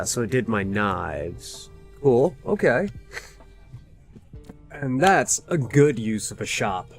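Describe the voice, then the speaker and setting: A man casually commentating his own gameplay, thinking aloud with plenty of fillers and restarts. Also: lowish voice. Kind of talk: casual let's-play commentary.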